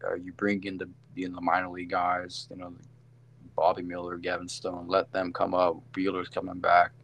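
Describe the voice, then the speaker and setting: A man's voice: deep voice, completely flat delivery, normal speed, vocal fry, fairly bright tone, a little hiss or hum. A man co-hosting a casual sports podcast, rambling through game recaps with lots of fillers and self-corrections. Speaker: podcast co-host.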